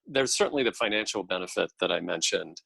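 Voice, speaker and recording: A middle-aged man speaking as a podcast guest and policy expert, explaining in a measured way. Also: low-pitched, animated, vocal fry, pushed and bright, no echo, low-quality recording. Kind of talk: podcast interview.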